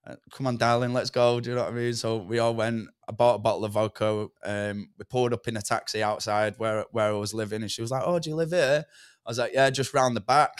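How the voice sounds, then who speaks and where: A man's voice: on the low side, little pitch movement, fast, smooth, no room sound. Young manc guy rambling thru a story, swears a lot, dead dry room. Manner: rambling, swears, lots of "do you know what I mean". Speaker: podcast guest. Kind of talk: casual storytelling.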